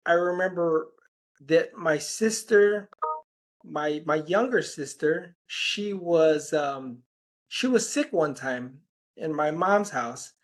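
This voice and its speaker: A man with a somewhat high voice is a guest in an interview. He tells his story in a loose, rambling way. He keeps slipping into the voices of the people in it as he quotes them. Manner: rambling anecdotes, quoting conversations with "I'm like". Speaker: healer and podcast guest.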